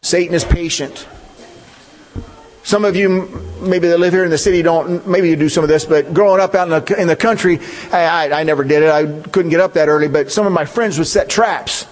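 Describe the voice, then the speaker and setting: A man's voice: a little high, a little fast, long reverb tail. A male pastor preaching a conversational sermon, asking his listeners questions and leaning hard on key points. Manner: conversational, rhetorical questions, animated emphasis.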